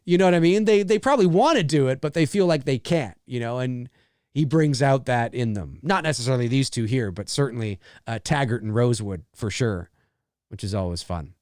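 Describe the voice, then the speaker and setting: A man's voice: mid-range voice, brisk, darkish tone, no echo, studio quality. A middle-aged man hosting a casual live movie commentary, chatty and laughing often as he talks over the film.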